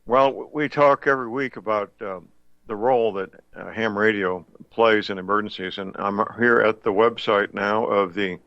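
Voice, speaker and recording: A man hosting a radio talk show in a folksy, deliberate way, with frequent pauses and fillers. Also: fairly low pitch, steady tone, no echo. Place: home studio in the Missouri Ozarks. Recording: dull lo-fi dry studio sound.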